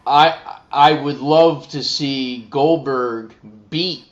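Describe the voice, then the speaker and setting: A man co-hosting a casual live talk stream, relaxed, reading viewer comments aloud. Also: medium pitch, very slow, muffled recording. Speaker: wrestling podcast co-host.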